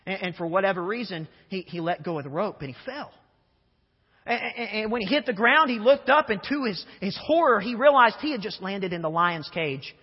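A young male preacher with a high, husky voice tells stories in an animated way, often doubling his words as he goes. He is recorded in an echoey church hall, and the sound is dull and muffled. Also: brisk. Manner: animated storyteller who often repeats words. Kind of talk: sermon with humorous storytelling. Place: church sanctuary.

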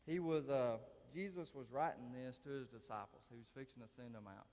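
A man's voice: medium pitch, fairly quick, darkish tone, a little hiss or hum. A man, preaching a folksy sermon with a conversational, drawling manner and dry humor. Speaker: lay preacher. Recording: long reverb of a large hall.

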